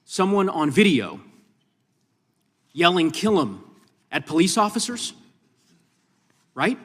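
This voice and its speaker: A man with a slightly raised voice pushes a witness hard, keeping his questions pointed and steady. He speaks into a desk mic, and the long reverb of a big hearing room hangs on his words. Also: high voice, takes it slowly, breathy edge. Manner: firm, pressing, reclaims time, talks over interruptions.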